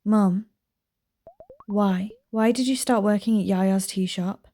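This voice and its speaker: A woman voicing a gentle, earnest grown daughter, reading game dialogue aloud. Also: mid-range voice, steady tone, slow pace, close to an everyday voice.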